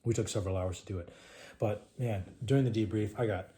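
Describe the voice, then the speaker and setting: A man telling a training war story to his trainees in an animated, conversational way, sometimes dropping to a hush. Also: lowish voice, fast talker.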